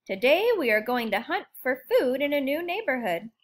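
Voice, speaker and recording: A woman's voice: sits high, big pitch swings, normal speed. A woman voicing a cheerful, protective father quail in a children's storybook.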